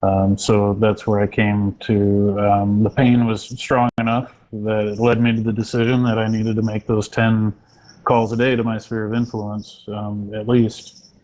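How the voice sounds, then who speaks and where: A man speaks in a low, flat tone, choosing his words carefully. He answers as a real estate agent on a panel, pausing and restarting as he reflects. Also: rough recording. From small rural county. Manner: reflective, measured, many restarts.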